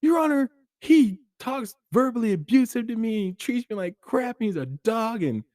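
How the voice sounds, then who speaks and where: A man doing shrill whining divorcing spouses. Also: animated, moderate pace, darkish tone, dry recording, clean studio sound. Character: bitter divorcing spouses complaining to a judge.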